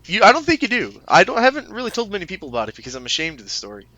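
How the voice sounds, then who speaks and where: Animated young man telling stories. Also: high voice, very fast, lo-fi sound, a crowd in the background. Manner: animated, laughing storyteller. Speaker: guest. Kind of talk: casual podcast storytelling.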